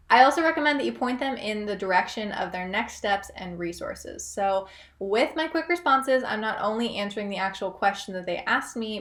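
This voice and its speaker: A woman's voice: mid-range voice, fairly bright tone, roomy sound. A young woman, a freelance writer, explaining her work tips in a chatty, upbeat vlog with self-aware asides. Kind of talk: casual tutorial vlog.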